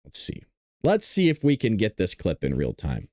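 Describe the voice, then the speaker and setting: A man hosting a political commentary show who talks bluntly, swears, and gets animated. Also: on the low side, normal speed, no echo. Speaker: host.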